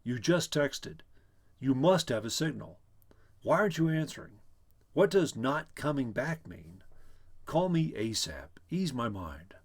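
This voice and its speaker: A man's voice: mid-range voice, sing-song, measured pace, slightly rough, pitched above the performer's own voice, heavily acted. A man voicing an anxious middle-aged husband who pleads frantically on the phone. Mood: frantic.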